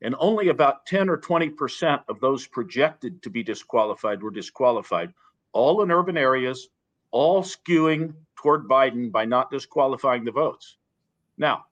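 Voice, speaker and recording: A man, a lawyer, talking as a podcast guest in an earnest, measured way, restarting and repeating phrases. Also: on the high side, lively intonation, a bit bright, highs cut off. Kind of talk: podcast interview.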